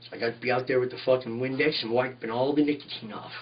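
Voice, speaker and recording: A man's voice: medium pitch, steady tone, fast talker, far from the mic, lo-fi sound. A man, a tattoo artist, telling shop stories in a rambling, profane way in a casual interview, often saying "you know what I mean".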